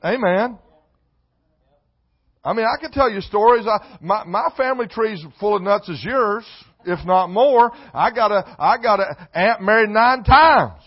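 A man preaches a sermon in a church. His high voice climbs into loud emphatic bursts and drops into joking asides. The recording sounds dull and lo-fi. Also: animated, measured pace, husky. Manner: preaching with rising shouts and comic asides. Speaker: pastor. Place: church sanctuary.

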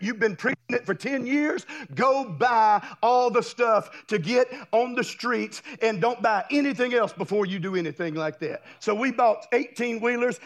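A man from Florida, a guest pastor, preaching a fiery revival sermon in a church, shouting and folksy. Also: extremely high pitch. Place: church sanctuary.

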